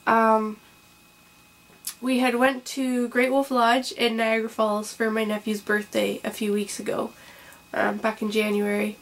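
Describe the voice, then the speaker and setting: Her voice on the high side with little pitch movement, a young crochet podcast host speaks a little slowly in her casual vlog. Feeling slightly unwell, she hiccups and coughs, takes things easy, and wanders through her thoughts with many ums and restarts.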